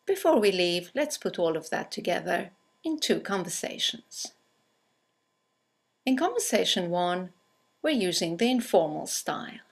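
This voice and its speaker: A woman narrating a scripted English conversation lesson, reading example greetings aloud with slow, clear delivery. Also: on the low side, big pitch swings. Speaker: English teacher.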